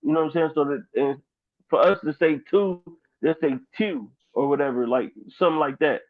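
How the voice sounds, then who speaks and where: Man from dayton, tinny phone-like audio, dry close sound, animated rambling casual chat, fairly high voice. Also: fairly quick, no room sound. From Dayton, Ohio. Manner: animated, rambling, lots of fillers. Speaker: podcast co-host.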